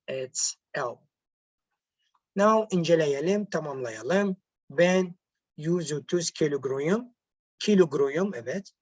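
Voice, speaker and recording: Slow, careful male language teacher. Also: fairly high pitch, no echo. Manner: hesitant, with frequent pauses and self-corrections; switches back and forth between two languages. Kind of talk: slow classroom explanation. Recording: dull, lo-fi, dry recording.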